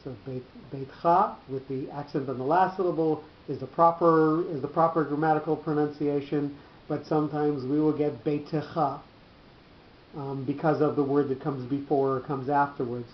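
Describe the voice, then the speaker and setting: A man teaching a Torah class to a small group, explaining points step by step with halting restarts. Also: a little high, steady tone, slight background noise. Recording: roomy dull lo-fi class recording.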